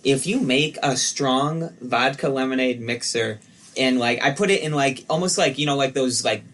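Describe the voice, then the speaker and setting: A man's voice: medium pitch, normal speed, a bit bright. A young man, a podcast guest, chatting casually and laughing easily while telling a story. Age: young adult. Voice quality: easygoing, laughs often. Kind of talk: casual chat.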